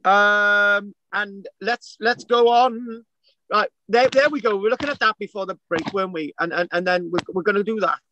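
A man's voice: high voice, steady tone, normal speed, pushed and bright, highs cut off, a little hiss or hum. A man from Wales teaching an online archaeology class over a video call, rambling and interrupting himself with jokes. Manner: rambling, self-interrupting, jokey. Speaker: archaeology tutor. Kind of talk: online lecture. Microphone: video call mic.

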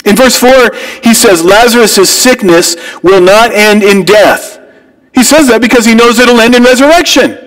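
A man's voice: very high voice, moderate pace, fairly bright tone, poor audio. An American man preaching a sermon as pastor, reading scripture and then asking earnest rhetorical questions with rising emphasis. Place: church sanctuary.

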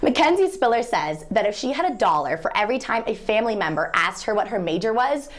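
A woman's voice: mid-range voice, very animated, fast talker. A young woman co-presenting a scripted student TV segment, reading out viewer tweets. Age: young adult. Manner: bright, reads viewer tweets.

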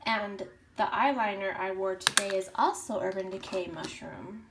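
A woman vlogger chatting casually through her makeup, rambling a bit and often clearing her throat. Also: mid-range voice, moderate pace, very noisy. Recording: roomy echo.

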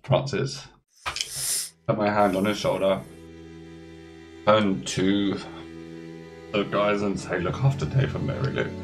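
A man's voice: fairly low pitch, little pitch movement, slow, pauses often. A man playing a tabletop role-playing game, talking earnestly and getting emotional about his character. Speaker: player. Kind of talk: tabletop role-play chat. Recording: music bed under voices.

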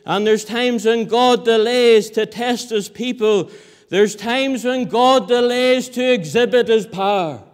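A man preaching a sermon in a church hall, impassioned, swinging from loud cries to hushed low lines. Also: clear, resonant tone. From Northern Ireland.

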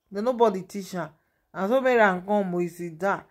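A woman with a Nigerian Pidgin accent, talking straight to her viewers in a casual gossip vlog. She is chatty and animated and laughs along at the story. Her voice sits at a middle pitch for a woman. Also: brisk. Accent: Nigerian Pidgin English. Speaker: vlogger.

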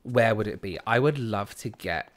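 Playing a game live, this man from the UK keeps up casual banter and reads out replies to his chat. He speaks at a moderate pace in a lowish, expressive voice.

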